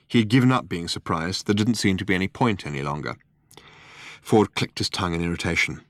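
A man narrating a comic novel in a wry, expressive way. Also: sits low, fairly quick, dry recording, studio quality. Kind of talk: audiobook narration.

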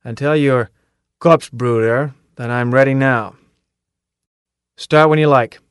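A man's voice: medium pitch, fairly even intonation, takes it slowly, smooth, dry recording, clean studio sound, close to an everyday voice. A man voicing a tough, cocky male drill sergeant who barks and taunts his recruits in an audiobook. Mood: sardonic. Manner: barking, taunting commands.

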